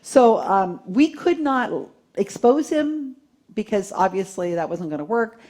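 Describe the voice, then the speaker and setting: Animated woman telling a story to an audience. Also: mid-range voice, a little slow. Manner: animated, laughing storytelling with acted-out quotes. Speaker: conference speaker. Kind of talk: live talk to an audience. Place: talk in front of a seated audience.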